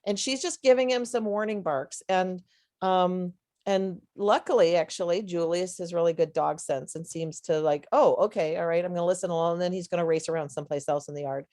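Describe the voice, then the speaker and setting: A woman who fosters dogs speaks on a casual online panel. She talks in halting, loose sentences full of fillers and restarts, in a voice a little lower than most women's. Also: fairly even intonation, a little mellow. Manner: hesitant, many fillers and restarts. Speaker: dog foster volunteer on a panel. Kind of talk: casual webinar panel talk.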